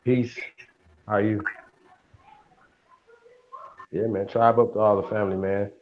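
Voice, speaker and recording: A man's voice: lowish voice, little pitch movement, a little fast. A man hosting a casual livestream, greeting viewers by name in a slangy, upbeat way. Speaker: livestream host. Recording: dull lo-fi stream audio with faint noise.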